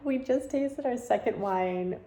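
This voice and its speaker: A woman's voice: on the high side, a little slow, warm tone, reverberant, slight background noise, poor audio. A young woman vlogging casually at a winery tasting, chatty and gushing with lots of "like"s. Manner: bubbly, gushing, chatty with many "like"s. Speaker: travel vlogger. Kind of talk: casual vlog chat.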